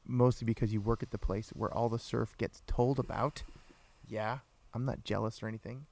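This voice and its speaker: A man's voice: fairly low pitch, steady tone, moderate pace, vocal fry, a little mellow. A man co-hosting a casual live podcast, joking, laughing often and reading out viewer comments. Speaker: podcast co-host. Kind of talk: casual live-stream chat.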